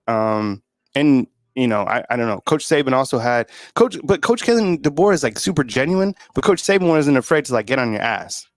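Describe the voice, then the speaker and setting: A man's voice: mid-range voice, big pitch swings, fairly quick, no echo. Man rambling casually, dry close sound. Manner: rambling, many "like" fillers. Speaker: host of a college football channel. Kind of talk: casual sports talk.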